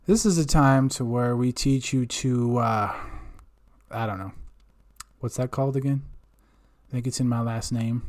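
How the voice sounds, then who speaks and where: A man's voice: medium pitch, normal speed, long pauses, a little mellow. A man hosting a podcast segment, talking casually in a rambling, self-mocking way and swearing constantly. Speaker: podcast host. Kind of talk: casual profane monologue.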